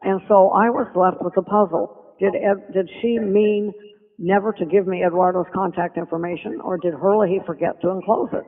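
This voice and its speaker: An older woman telling stories as a podcast guest, animated and acting out the voices of people she quotes. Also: mid-range voice, normal speed. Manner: animated storyteller who acts out quoted speech. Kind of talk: reminiscing interview storytelling. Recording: tinny phone line with long reverb.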